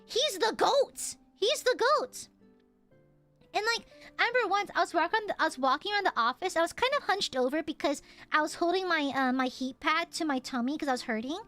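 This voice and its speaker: A young woman streamer chatting casually with viewers, telling stories in an animated, swear-filled way. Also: sits high, fast, few pauses, soft background music. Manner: animated, swears often, lively storytelling.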